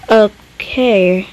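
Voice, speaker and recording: High voiced girl playing a scary game, slow talker, jumpy and swearing a lot, shaky and scared. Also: darkish tone, rough recording. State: scared, hands shaking. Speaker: gaming YouTuber. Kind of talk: horror game playthrough commentary.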